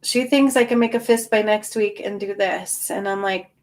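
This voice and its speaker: A woman of middle pitch talks in a casual livestream, tired but reassuring, answering her viewers one by one. Her voice comes through a phone or webcam mic. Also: fairly even intonation, normal speed. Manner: chatty, reassuring, reads and answers viewer comments. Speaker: spiritual livestream host.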